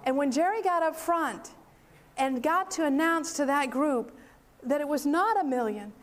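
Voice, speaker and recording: An older woman preaching, telling a story with lively acted-out dialogue. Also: high voice. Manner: animated storyteller acting out dialogue. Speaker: speaker. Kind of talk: sermon storytelling.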